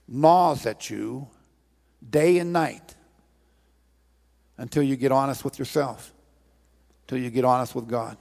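A man's voice: mid-range voice, creaky, a little mellow. A man preaching a sermon in a church, earnest and pleading as he retells a scripture story and urges listeners to act. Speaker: pastor. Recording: long reverb of a large hall.

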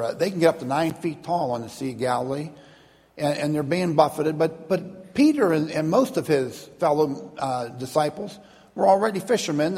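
A man's voice: fairly high pitch, a little mellow. A man preaching a sermon as a pastor, telling stories and acting out the voices of the people in them. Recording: long hall reverb.

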